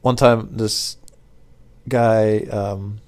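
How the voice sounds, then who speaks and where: A young man telling rambling stories to camera in a deadpan, casual way. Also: lowish voice, extremely slow. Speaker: former pizza delivery driver telling stories.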